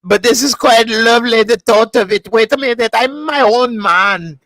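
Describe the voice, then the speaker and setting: A man voicing a prim, flustered nerdy young man who speaks in a high, fussy and proper way. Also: moderate pace, a bit bright, no echo, low-quality recording. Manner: high, fussy and proper, repeats "quite lovely".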